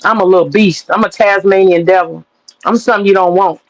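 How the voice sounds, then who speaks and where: A woman's voice: mid-range voice, fairly even intonation, brisk, dry recording, poor audio. Streamer, female, blunt and foul-mouthed, dry close sound. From Southern US. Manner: blunt, profane, wisecracking. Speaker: livestream host. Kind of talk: casual commentary rant.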